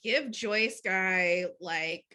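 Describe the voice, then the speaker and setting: A woman's voice: mid-range voice, extremely slow, pushed and bright, smooth. A woman hosting a podcast in casual chat, thoughtful and analytic. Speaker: podcast host.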